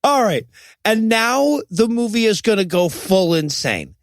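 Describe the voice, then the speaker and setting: A man co-hosting a comedic movie review podcast, animated and mocking the film's lines. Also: high-pitched, measured pace, no room sound. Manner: animated, mocks film lines with shouted quotes. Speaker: podcast co-host.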